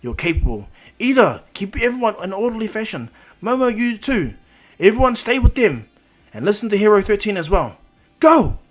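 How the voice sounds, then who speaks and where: An earnest, caring teenage hero boy, voiced by a man in a homemade storybook retelling. He talks softly and thoughtfully, in a plain mid-pitched voice, with faint music underneath. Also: expressive, brisk, breathy edge. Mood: commanding.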